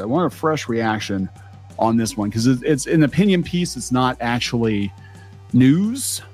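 A man's voice: mid-range voice, a little mellow. Chatty man with a cartoonish voice. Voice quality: cartoonish-sounding voice. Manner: rambling, chatty, many fillers and restarts. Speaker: video commentary host. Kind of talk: casual opinion commentary.

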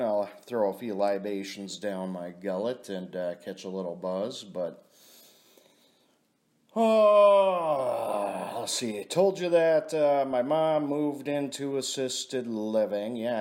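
A man's voice: lowish voice, animated, measured pace, darkish tone. A middle-aged man telling a rambling personal story in a casual vlog, swearing often and calling himself "your buddy". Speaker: vlogger.

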